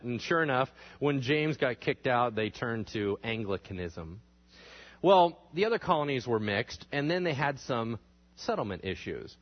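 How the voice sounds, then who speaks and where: A man teaching a history class in a lively lecture style, asking the class questions and acting out quotes in exaggerated voices. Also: mid-range voice, muffled recording.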